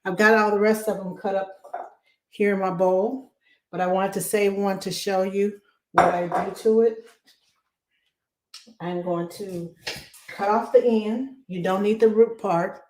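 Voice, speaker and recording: A woman, hoarse from laryngitis, chatting warmly as she hosts a live cooking demo and greets viewers by name. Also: medium pitch, fairly even intonation, a little slow, long pauses. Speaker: cooking show host.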